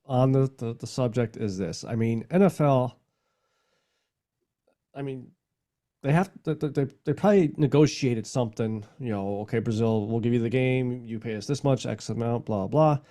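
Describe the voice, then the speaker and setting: A man's voice: medium pitch, dark tone. A man co-hosting a casual sports podcast, often restarting his sentences as he makes his point. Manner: laughs often, halting restarts. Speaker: podcast co-host.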